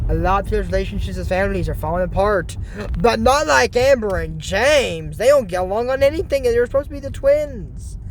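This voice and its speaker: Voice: mid-range voice, slight background noise. A cartoon episode reviewer giving casual, rambling reaction commentary, full of fillers and strong opinions.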